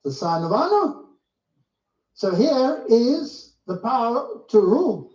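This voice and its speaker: A man's voice: very high-pitched, big pitch swings, slow, darkish tone, lo-fi sound. Emphatic preacher man, echoey and distant. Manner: emphatic, asks the audience rhetorical questions. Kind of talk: sermon-style lecture with clips.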